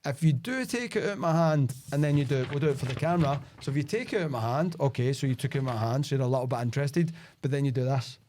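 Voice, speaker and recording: This Scottish sales expert, middle-aged and guesting on a casual podcast, talks rapid-fire with few pauses, his stories peppered with "like" and "right?". His mid-range voice is darkish, with a bit of hiss or hum in the audio.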